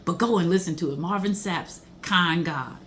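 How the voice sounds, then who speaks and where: A woman's voice: on the low side, moderate pace, fairly bright tone, a little hiss or hum. A middle-aged woman giving a faith-based motivational talk, speaking in an emphatic, preachy way and breaking into exclamations.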